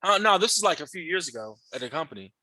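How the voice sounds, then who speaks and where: A man with a high, bright voice tells a long, rambling story in casual podcast talk. He swears a lot, restarts sentences and leans on fillers. The sound is close and dry. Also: big pitch swings, fast, dry recording. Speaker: podcast host interviewing a guest.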